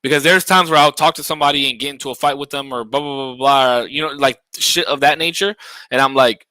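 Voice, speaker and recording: A man who is a game streamer, guesting on a podcast, talking things through in a reflective, casual way with plenty of swearing and shout-outs to stream followers. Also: mid-range voice, fast, dry recording, rough recording. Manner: reflective, heavy swearing, talks while thanking stream followers.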